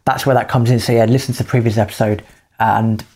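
A man co-hosting a podcast, giving emphatic advice in casual chat with quick bursts of speech. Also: mid-range voice, little pitch movement, a little mellow. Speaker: podcast co-host.

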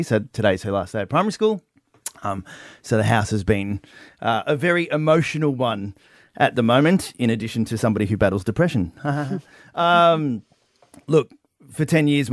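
An Australian man co-hosting a breakfast radio show in a studio, speaking emotionally with halting pauses and fillers. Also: mid-range voice, no room sound. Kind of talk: on-air farewell chat. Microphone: studio microphone.

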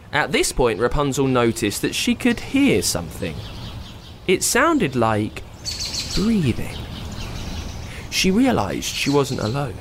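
Playful, animated man telling a story. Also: mid-range voice, slight background noise. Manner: playful, expressive. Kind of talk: children's story narration.

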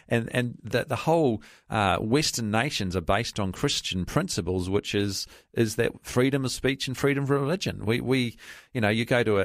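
A man's voice: fairly low pitch, no room sound, studio quality. A man co-hosting a Christian talk radio show, speaking earnestly with frequent restarts. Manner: earnest, halting with many restarts.

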